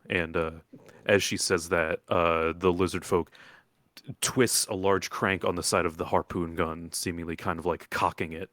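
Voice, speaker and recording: A man narrating as game master of a live tabletop game, halting with frequent fillers and restarts. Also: deep voice, steady tone, a bit bright, no room sound, clean studio sound.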